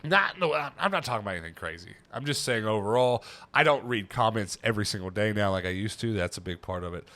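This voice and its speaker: A man's voice: on the low side, expressive, fast, hardly any pauses, pushed and bright. A man in his thirties hosting a casual chat, rambling and self-mocking as he tells stories. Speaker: channel host.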